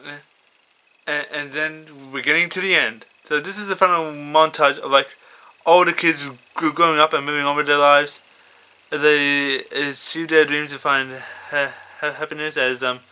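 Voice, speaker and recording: A man's voice: on the high side, steady tone, unhurried, pushed and bright, clear, resonant tone. Stammering man retelling his fanfiction. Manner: stammering, many restarts and fillers. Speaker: fanfiction reader.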